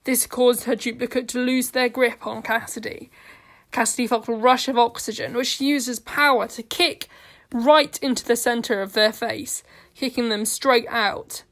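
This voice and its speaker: A woman narrating an amateur audio story in an earnest, steady way. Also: on the high side, normal speed.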